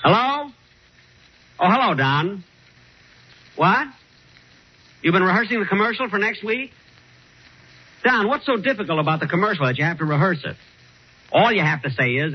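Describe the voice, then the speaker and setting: A man's voice: high-pitched, sing-song, normal speed, pauses often, breathy edge. A man hosting a 1940s radio comedy as an indignant, exasperated straight man. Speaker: comedy show host. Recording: hissy dull vintage radio recording.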